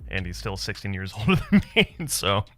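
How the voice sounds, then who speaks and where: A man in his thirties is live streaming, his low voice very animated, fairly quick, pushed and bright over soft background music. He chats casually with viewers and tells loose stories full of swearing and frequent laughs.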